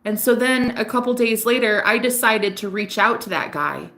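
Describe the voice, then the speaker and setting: Animated candid woman telling a story. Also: on the high side, moderate pace. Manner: animated, candid, swears, laughs often. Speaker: psychic reader. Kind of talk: casual storytelling vlog.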